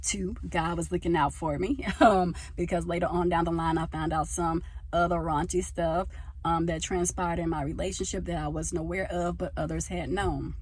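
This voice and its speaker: A young woman from the United States talking casually into a handheld phone, telling a personal story and getting louder as she gets passionate. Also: on the low side, moderate pace, slightly rough. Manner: animated, gets loud when passionate. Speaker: vlogger. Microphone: phone held in hand.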